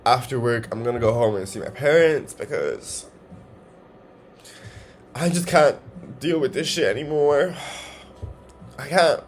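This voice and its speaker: A young man vlogging from home, talking in a halting, emotional way and swearing often. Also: mid-range voice, lively intonation, a little hiss or hum. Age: young adult. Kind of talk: confessional personal vlog.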